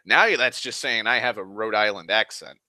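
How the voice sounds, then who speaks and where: A man's voice: fairly low pitch, moderate pace, bright, forceful tone, no room sound. A man from Massachusetts rambling casually on a stream, profane and self-mocking, a little tipsy on whiskey. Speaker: livestream host.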